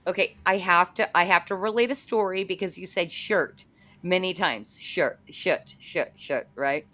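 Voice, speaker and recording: A woman hosting an interview, chatting casually and telling animated anecdotes. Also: fairly low pitch, normal speed. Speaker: interviewer, host.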